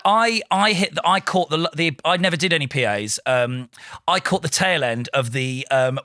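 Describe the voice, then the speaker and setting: A man and radio presenter, a guest telling quick anecdotes in casual chat, swearing now and then. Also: on the high side, pushed and bright, no room sound, studio quality.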